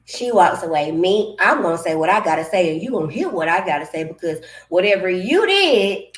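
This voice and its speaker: A woman co-hosting a podcast in casual chat, outspoken and animated, laughing often. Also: on the low side, fairly quick. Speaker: podcast co-host. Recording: echoey room.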